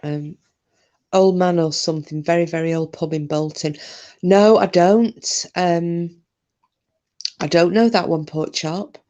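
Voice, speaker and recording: A woman's voice: on the low side, fairly even intonation, unhurried, long pauses, dark tone. Chatty British woman hosting a live stream. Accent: British English. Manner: rambling, chatty, answers viewer comments by name. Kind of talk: casual live-stream chat.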